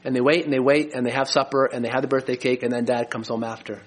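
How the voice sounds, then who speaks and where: A middle-aged man preaching a sermon as a pastor, earnest and slowing down to stress key lines. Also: medium pitch, little pitch movement, a little hiss or hum. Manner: earnest, slows for emphasis.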